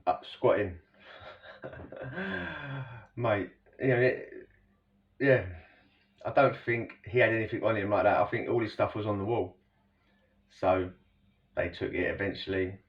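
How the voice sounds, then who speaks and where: A man talks in a low, easy voice, rambling through a story with slang and constant asides to the listener. He sits a little way back from the mic, and the recording sounds dull and lo-fi. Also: recorded from a distance. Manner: rambling, slangy, full of "you know" asides. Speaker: storyteller recounting prison life. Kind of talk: casual spoken storytelling.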